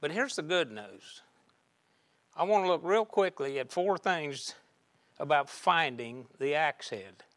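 A man preaching a sermon, swinging from loud emphatic bursts down to quiet, measured lines. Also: fairly high pitch, animated, dry recording.

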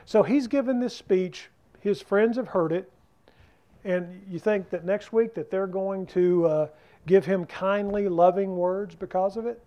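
A man's voice: high-pitched, measured pace, dark tone. A man teaching a Bible study in a church class room, talking conversationally and keeping the group involved by asking them questions.

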